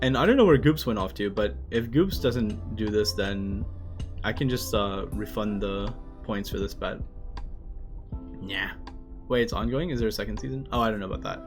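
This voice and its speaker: A man streaming live, reading a manga aloud in a casual way, laughing often and following Japanese lines with quick English translations. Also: fairly low pitch, soft background music.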